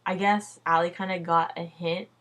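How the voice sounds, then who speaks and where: A woman's voice: lowish voice, steady tone, normal speed, a bit bright. A young adult woman telling a personal story in a casual vlog, chatty and loose, full of "like" and "dude", swearing freely. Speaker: vlogger.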